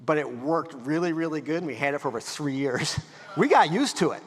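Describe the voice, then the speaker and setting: A man's voice: a little high, brisk. Man telling stories in an echoing hall. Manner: folksy, animated storytelling, acts out quotes. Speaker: guest speaker. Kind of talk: storytelling talk. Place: event hall. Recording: long hall reverb.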